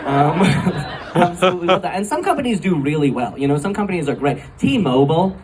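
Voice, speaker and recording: A man's voice: a little high, big pitch swings, a little fast. A man doing a stand-up comedy set in a live club, talking in a chatty way full of fillers and laughing at his own jokes. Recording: live club recording from a distance, crowd noise. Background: audience laughter and club ambience.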